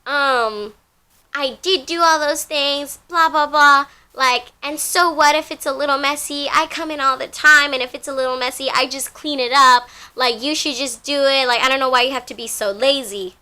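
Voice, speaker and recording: A woman's voice: sits high, steady tone, normal speed, sharp tone, voice pushed up. A young woman voicing a defensive, scolding young male coworker in her story.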